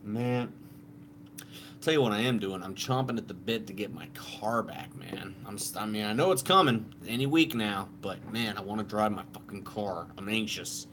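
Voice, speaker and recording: A man's voice: lowish voice, normal speed, a bit bright, a little hiss or hum. A man co-hosting a live stream in casual chat, laid-back and swearing freely.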